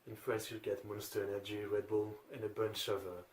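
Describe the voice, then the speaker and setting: A man's voice: lowish voice, little pitch movement, brisk, a little mellow. A man hosting an anime reaction, commenting casually and offhand, a little sleepy and swearing now and then. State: sleepy, yawning. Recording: echoey room, faint background hiss.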